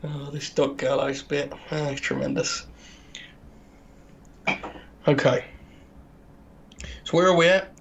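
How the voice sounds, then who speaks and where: Gravelly man joking through a game stream. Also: fairly high pitch, fairly even intonation, slow, long pauses, highs cut off, a little hiss or hum. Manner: dry, jokey, wry asides to the audience. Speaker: co-host. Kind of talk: casual chat while playing a game.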